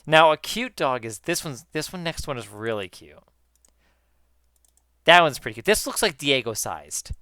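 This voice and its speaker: Excitable man chatting while gaming. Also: fairly high pitch, normal speed, clean tone, no room sound, studio quality. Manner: excitable, swears casually, addresses viewers as guys. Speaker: gaming YouTuber. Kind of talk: casual chat while gaming.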